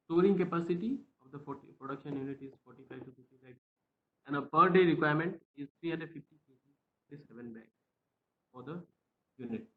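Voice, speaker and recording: A man presenting slides in a webinar over a video call, hesitant with many fillers and speaking softly. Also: fairly high pitch, fairly quick. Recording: tinny phone-like line in an echoey room.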